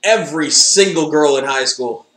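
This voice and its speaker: A man's voice: fairly high pitch, moderate pace, a bit bright, echoey room. A man casually reacting to old wrestling footage, sarcastic and joking, swearing freely. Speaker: commentator watching wrestling footage.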